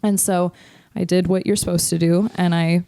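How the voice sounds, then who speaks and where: Animated, swearing woman storyteller. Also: lowish voice, moderate pace, clear, resonant tone, no room sound. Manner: animated storyteller, swears freely, laughs often. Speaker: podcast co-host. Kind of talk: casual chat, storytelling.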